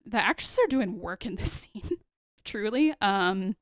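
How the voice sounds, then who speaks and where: Speaking at medium pitch and a little slowly, with no echo and clean studio sound, a woman hosts a podcast recapping a TV episode. Her casual chat is animated as she performs the characters' lines, addressing her audience as "y'all."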